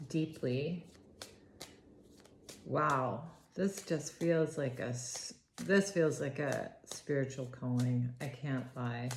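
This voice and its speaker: A woman with a low voice reads tarot cards slowly, sounding awed and halting, breaking off into sighs and restarting her sentences. The recording has a roomy echo with a faint hiss of noise behind her. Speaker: tarot reader. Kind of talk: spontaneous tarot reading.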